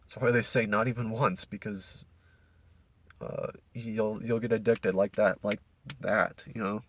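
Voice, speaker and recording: A man's voice: on the low side, steady tone, measured pace. A young man from Canada ranting casually as a podcast host, profane and rambling with many restarts.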